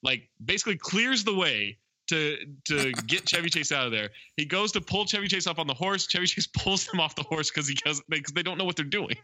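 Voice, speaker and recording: A man's voice: fairly high pitch, animated, a little fast, hardly any pauses, pushed and bright, no room sound. A man co-hosting a podcast, casually recapping a movie plot in a rambling way with lots of fillers. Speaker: podcast co-host.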